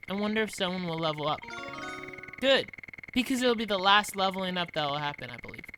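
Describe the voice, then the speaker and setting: A woman's voice: mid-range voice, noisy background. A woman giving casual, jokey commentary while playing a game, thinking aloud as she goes. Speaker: gaming commentator. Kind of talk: casual let's-play commentary. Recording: game music playing behind.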